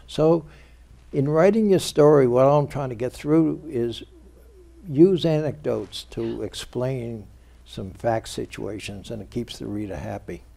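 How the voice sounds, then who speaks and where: A man's voice: medium pitch, measured pace, vocal fry, dark tone. A male publisher in a TV studio interview who tells anecdotes and recounts conversations by quoting the people in them. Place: local TV studio.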